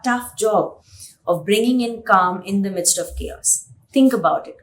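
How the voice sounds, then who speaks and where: Woman teaching a parenting lesson. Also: medium pitch. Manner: addresses the listener directly, acting out quotes. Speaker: parenting course instructor. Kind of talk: scripted lesson.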